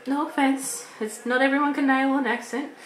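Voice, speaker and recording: A woman's voice: high-pitched, steady tone, moderate pace. A young Australian woman vlogging in casual chat, rambling and laughing often, restarting her sentences as she goes. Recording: echoey room with faint noise.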